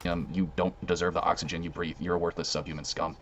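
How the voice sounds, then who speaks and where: A man with a very low voice rattles off contemptuous insults, pausing and restarting as he goes. The audio is dull and lo-fi, as if played back from a video. A faint hiss sits underneath. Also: flat delivery, fairly bright tone.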